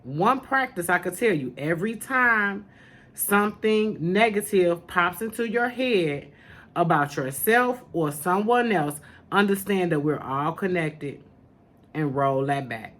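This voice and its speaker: A woman talks slowly and deliberately, drawing out her words as she hosts a spiritual podcast. Her tone is sassy and familiar, and she calls her listeners honey and baby in a casual chat to camera. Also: on the low side, animated, fairly bright tone. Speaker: podcast host, spiritual teacher.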